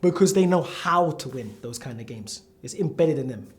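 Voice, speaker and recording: A man's voice: medium pitch, expressive, normal speed. A man co-hosting a casual football chat, making confident, emphatic predictions. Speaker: podcast co-host. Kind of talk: casual banter among friends.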